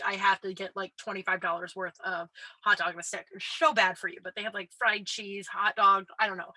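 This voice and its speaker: A woman in her late thirties, a comedian hosting a podcast, tells stories in a chatty, self-deprecating style packed with "like" and casual swearing. Her medium-pitched voice is bright and forceful, with no room sound.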